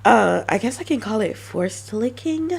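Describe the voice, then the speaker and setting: A woman streamer chatting casually and brainstorming ideas, halting with many restarts. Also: on the high side, lively intonation, gravelly, husky. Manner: halting, many restarts, self-mocking laughs.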